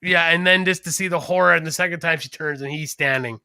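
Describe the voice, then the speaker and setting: A man co-hosting a podcast and chatting casually. He tells rambling stories full of restarts and throat-clearing. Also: on the high side, fast, pushed and bright, no echo, studio quality. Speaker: podcast co-host. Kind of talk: casual chat.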